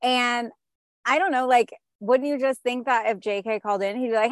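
A woman co-hosting a casual podcast chat, animated, often laughing and acting out quoted dialogue. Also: fairly high pitch, brisk, no echo. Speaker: podcast co-host.

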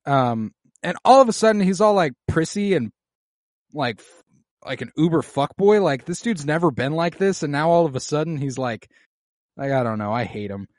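A man casually recapping a TV episode with a co-host, excited and profane as he retells the scenes. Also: on the high side, moderate pace, dry recording, studio quality. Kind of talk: casual show recap chat.

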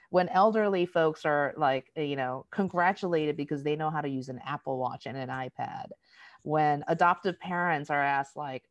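A conversational speaker explains everyday slights, leaning on filler words and slipping into the voices of people being quoted. The pitch is middling and the sound is dry and close, with no room echo. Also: moderate pace, muffled recording. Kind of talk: casual explanatory talk.

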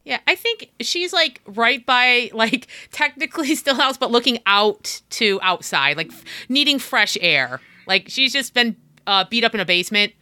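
A woman player in a tabletop game, speaking haltingly and emotionally in character. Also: a little high, animated, sharp tone.

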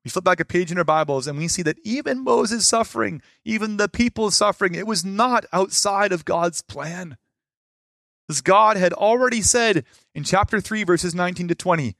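A man preaching a sermon with a fairly high voice. He swings between forceful emphasis and hushed asides. The sound is dry and close, with no room echo. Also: moderate pace, creaky. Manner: animated, shifts between loud emphasis and quiet asides. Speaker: pastor.

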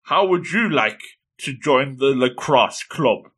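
A man voicing an eager, relentless high school girl who gushes and pushes in a high voice. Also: expressive, slow, a bit bright, slightly rough, heavily acted. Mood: pleading. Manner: gushing, high-pitched, pushy.

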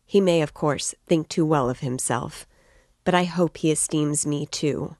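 A woman's voice: low-pitched, unhurried, darkish tone, no room sound. A woman reading the part of a proud, composed young woman who speaks firmly and dryly. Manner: firm and dry.

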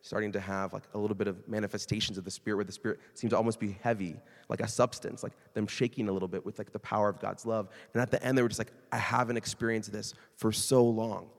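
A man preaching a sermon in a conversational, animated way, sometimes acting out quoted voices. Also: fairly low pitch, very fast, gravelly, few pauses, in a large hall. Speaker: pastor.

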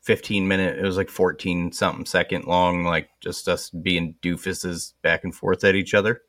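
A man's voice: sits low, level tone, moderate pace, a bit bright, no room sound, studio quality. A man hosting a podcast in casual chat, joking and laughing often. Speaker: podcast host.

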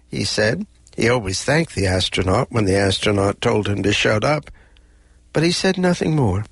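A man narrating a recorded children's story with expressive character voices. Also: lowish voice, unhurried, gravelly, breathy edge, no room sound.

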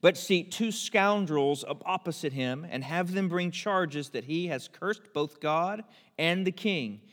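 A man preaching a storytelling sermon, his voice set a little high for a man. He acts out the characters now and then. A long reverb trails each phrase, as in a big church hall. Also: expressive, unhurried, a bit bright. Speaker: pastor.

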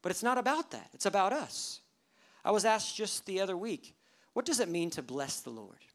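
Animated pastor preaching with rhetorical questions. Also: medium pitch, moderate pace. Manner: lively, with rhetorical questions to the audience; joking asides. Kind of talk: sermon. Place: church service.

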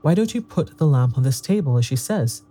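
A man's voice: a little high, sing-song, brisk, mellow. A man voicing a stern, commanding older sister in a storybook reading, speaking in a clipped way.

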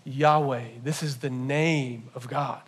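A man with a somewhat high voice preaches a sermon to his congregation. He teaches in a relaxed, conversational way, animated and playful, often turning to the room with quick asides. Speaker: pastor. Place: church service.

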